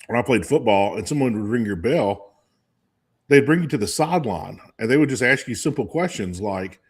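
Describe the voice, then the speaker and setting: A man's voice: medium pitch, lively intonation, normal speed, breathy edge. A man in his forties co-hosting a casual sports talk show, telling a rambling story full of restarts and fillers. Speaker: co-host. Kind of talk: casual chat.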